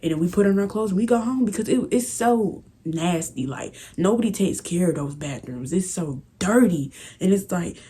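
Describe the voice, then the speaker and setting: A young woman vlogger telling a casual, animated storytime with lots of slang. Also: lowish voice, moderate pace, hardly any pauses, breathy edge.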